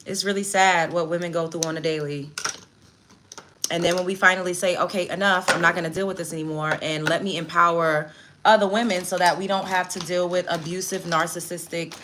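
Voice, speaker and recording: A woman's voice: lowish voice, fairly even intonation, a little fast, noisy background. A woman hosting a livestream, reading chat comments aloud and answering them in a blunt, profane, indignant rant while doing her makeup at home. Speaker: livestream host.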